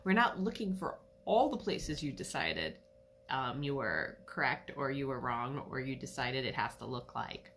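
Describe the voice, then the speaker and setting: A middle-aged woman, an animal communicator, giving a chatty, animated solo talk with frequent laughs. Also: rumbling low, normal speed, slight background noise. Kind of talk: casual solo talk to camera.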